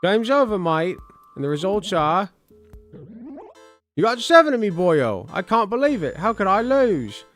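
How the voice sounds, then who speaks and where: A man doing a cocky ghost jar collector, high and brash. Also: very animated, measured pace, long pauses, fairly bright tone, faint music behind, exaggerated voice. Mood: taunting. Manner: cockney-style put-on brogue, taunting.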